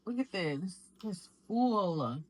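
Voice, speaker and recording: A woman's voice: medium pitch, expressive, takes it slowly, a little mellow, poor audio. Woman candidly recounting a painful ordeal. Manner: raw, emotional, profane retelling, acts out quotes. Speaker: vlogger telling her own story. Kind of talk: candid personal storytelling.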